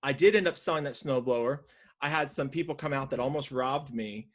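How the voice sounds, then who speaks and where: A man in his thirties from Northern Virginia, a podcast guest telling a story in a casual, animated way, with many restarts and acted-out quotes. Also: mid-range voice, fairly quick. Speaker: podcast guest, side hustle coach.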